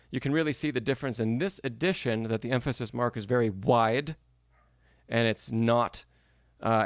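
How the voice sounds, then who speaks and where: A man's voice: medium pitch, no room sound, clean studio sound. A man teaching piano in a live masterclass, explaining phrasing patiently and checking in often with the student. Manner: patient, explanatory, frequent "right?" and "yes?" check-ins. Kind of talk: live-streamed masterclass feedback.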